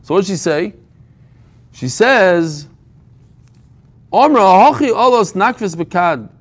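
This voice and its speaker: A man's voice: sits high, lively intonation, slow. A man teaching an informal Talmud class, telling the story with humor and frequent restarts.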